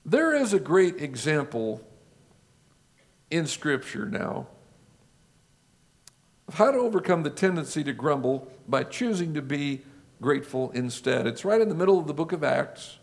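A male pastor preaching a sermon, building his points with lists and rhetorical questions. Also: a little high. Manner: rhetorical questions, measured listing.

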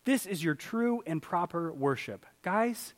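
Man in a church sanctuary, preaching with lively pitch, big swings between loud and quiet. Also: a little slow, in a large hall. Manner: animated, swings from loud exclamations to quiet asides. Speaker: pastor. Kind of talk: sermon.

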